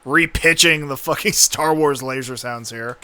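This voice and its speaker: A man's voice: mid-range voice, unhurried, noisy background. A man streaming a cartoon watch-along, laughing and swearing as he reacts. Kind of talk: live watch-along commentary. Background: cartoon soundtrack.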